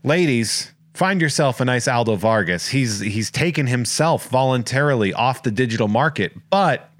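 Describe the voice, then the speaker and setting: A man hosting a podcast in casual chat, joking and rambling through listener shout-outs. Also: medium pitch, animated, normal speed, no echo. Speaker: podcast host.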